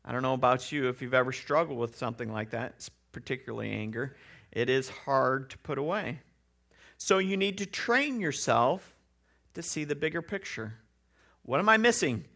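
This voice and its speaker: A man's voice: mid-range voice, animated, normal speed, creaky, pushed and bright. A man preaching a sermon in a conversational way, with joking asides and rhetorical questions. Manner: acts out quoted voices.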